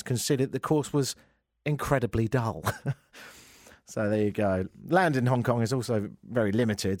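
A man's voice: on the low side, no echo, clean studio sound. A man hosting a talk radio show, riffing through the news in a sarcastic, ranting comic monologue. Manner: sarcastic ranting, swings from mutters to loud exclamations. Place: radio studio.

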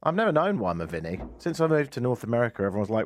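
A man's voice: mid-range voice, very animated, rapid-fire, a little hiss or hum. A man with an English accent hosting a radio talk show, talking in a wry, exasperated comic rant. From England. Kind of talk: casual comic radio monologue. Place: radio studio.

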